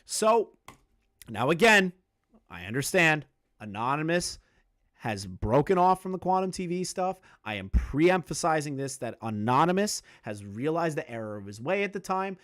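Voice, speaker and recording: A heated, cursing male streamer. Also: on the high side. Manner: heated, profane and repetitive, hammering points home; reads messages aloud and comments on them. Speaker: streamer commenting on online drama. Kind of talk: live stream commentary.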